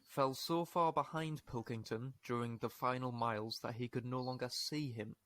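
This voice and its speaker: A British man on a podcast, reading a story aloud to his co-hosts and acting out the quotes with a laugh and the odd swear word. His voice is at an ordinary pitch, and the recording is dry and close, with no room sound. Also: fairly even intonation, normal speed, a bit bright, no echo. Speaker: podcast co-host.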